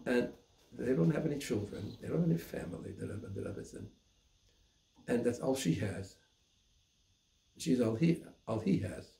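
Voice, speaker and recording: An older man, a rabbi, tells his memories in a low, gravelly voice. He pauses and repeats words as he goes. A roomy echo surrounds him. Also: dark tone. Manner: halting, repeats words while searching for them. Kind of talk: recounting personal memories.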